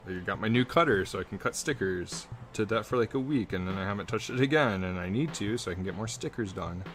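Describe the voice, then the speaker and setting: A man's voice: fairly low pitch, expressive, fast talker, a bit bright, soft background music. A young man chatting casually and rambling while he draws live at home, speaking close into a good desk mic. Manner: rambling, self-deprecating, chatty with filler words. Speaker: artist drawing live. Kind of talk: casual live-stream chat while drawing. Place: hot room at home.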